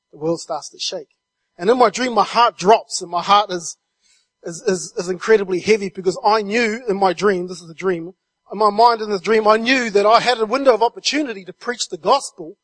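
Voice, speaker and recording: A man shares his testimony as a guest speaker. His voice sits high, and the sound is dry and close. He tells the story vividly, linking his phrases with a stream of repeated "and"s. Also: fairly bright tone, dry recording. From New Zealand.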